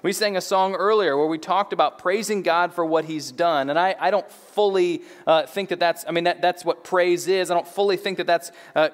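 A man's voice: high-pitched, fairly even intonation, normal speed, few pauses. A man preaching a sermon as a pastor, conversational and given to playful asides. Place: church. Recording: reverberant church hall.

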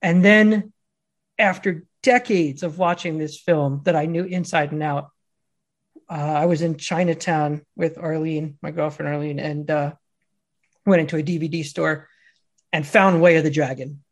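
A man co-hosting a casual film chat, telling stories in an animated way and laughing often. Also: a little high, measured pace. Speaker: podcast co-host.

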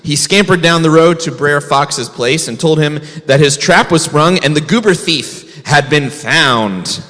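Storytelling for children, a rabbi shares a folk tale in a folksy manner and poses questions to the kids. He speaks at a measured pace in a fairly high, fairly bright voice, and the sound is that of a big room.

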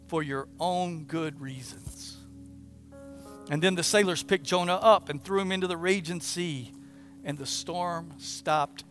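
A man preaching a sermon, retelling a story with lively, acted-out quoted prayers. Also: sits high, measured pace, faint music behind. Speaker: pastor.

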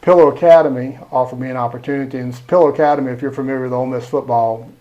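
A middle-aged man, a school superintendent telling lively stories in a podcast interview. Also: mid-range voice, racing, muffled recording. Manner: animated storyteller, acts out quoted dialogue.

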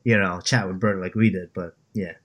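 A man's voice: low-pitched, moderate pace, dull audio. A man co-hosting a hobby podcast in casual chat, laughing often and joking around. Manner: laughs often, animated banter. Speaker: podcast co-host.

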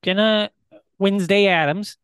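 A man co-hosting a podcast in casual chat, talking in an animated way with lots of "like". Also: high-pitched, unhurried, clear, resonant tone, no room sound, studio quality. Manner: animated, chatty, heavy use of "like". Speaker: podcast co-host.

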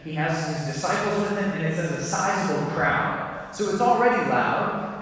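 A man with a fairly high voice delivers a sermon, putting direct questions to his listeners in a measured way. He is picked up from a distance in a big room, so the sound rings with long reverb. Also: a bit bright. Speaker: preacher. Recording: echoey hall, voice from a far mic.

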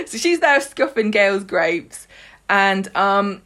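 Speaking slowly in an expressive, mid-range, slightly bright voice, a podcast co-host recaps a soap in casual conversation. She animatedly relays scenes, imitates the characters, and laughs often.

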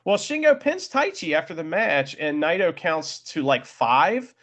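A chatty man co-hosting a casual podcast. His voice sits fairly high and swings a lot as he recaps matches, slipping into little acted-out asides. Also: sing-song, unhurried, a bit bright. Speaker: podcast co-host. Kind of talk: casual wrestling podcast chat.

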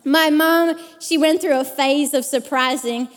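High-voiced woman preaching in a reverberant hall. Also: measured pace. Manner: animated, acts out the people in her stories. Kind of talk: sermon with personal storytelling.

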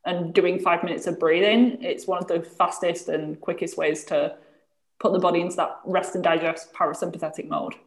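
A woman's voice: lowish voice, steady tone, normal speed. A woman hosting a casual interview, friendly and agreeable, asking questions. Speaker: host. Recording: echoey room.

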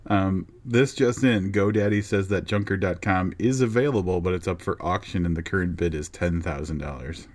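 A man's voice: low voice, steady tone, brisk, few pauses. A man co-hosting a podcast, talking casually and swearing now and then. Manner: casual, profane, chatty. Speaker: podcast co-host.

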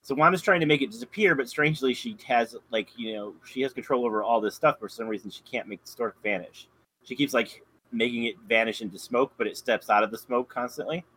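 A man's voice: mid-range voice, fairly quick, bright, forceful tone, slightly rough, poor audio. A man in casual chat, rambling through a recap with plenty of fillers and self-corrections. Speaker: podcast co-host.

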